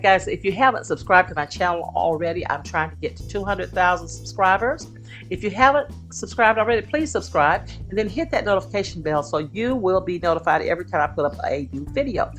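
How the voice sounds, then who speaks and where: A woman hosting her own cooking video from her home kitchen, talking to viewers with folksy, exclaiming enthusiasm. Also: mid-range voice. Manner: warm folksy enthusiasm, exclaiming over the food. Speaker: cooking channel host. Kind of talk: casual cooking video chat.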